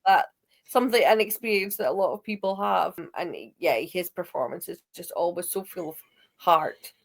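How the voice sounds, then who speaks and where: A woman's voice: on the low side, moderate pace, gravelly. A woman co-hosting a TV review podcast, speaking reflectively in casual chat. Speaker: podcast co-host.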